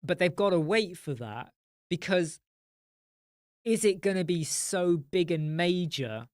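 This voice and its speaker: A man's voice: sits high, lively intonation, measured pace, darkish tone, dry recording, studio quality. A man hosting a casual live stream, chatting freely and answering viewer comments, often thinking aloud with ums and asides.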